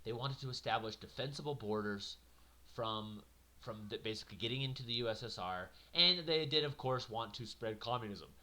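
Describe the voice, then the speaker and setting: Bright-voiced man giving a lively lecture. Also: medium pitch, fairly quick. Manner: conversational, animated, jokey asides. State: yawning, a little tired. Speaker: teacher. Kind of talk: classroom history lecture.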